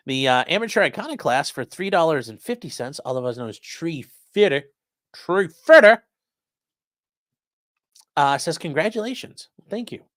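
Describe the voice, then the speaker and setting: This man hosts a legal commentary livestream, reading out viewer comments in a relaxed, conversational way that's heavy on fillers and repeated wording. His pitch is fairly high and his tone fairly bright. There's no echo, and the sound is studio quality.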